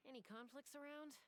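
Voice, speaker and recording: An actress voicing a calm, adventurous young woman in a video game, speaking softly and relaxed with sighs. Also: sits high, background noise, heavily acted.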